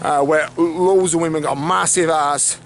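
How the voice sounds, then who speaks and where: High-pitched guy, fitness trainer talking to camera fast, keeps saying okay, bit of background noise. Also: fairly even intonation. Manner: fast, repeats "okay" and "obviously". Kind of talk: casual motivational talk to camera.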